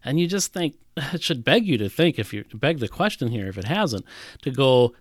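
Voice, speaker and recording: Male pastor, lively sermon voice, dry close recording, emphatic teaching. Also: on the high side, normal speed, husky, no room sound. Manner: animated Bible teaching with emphatic repetition.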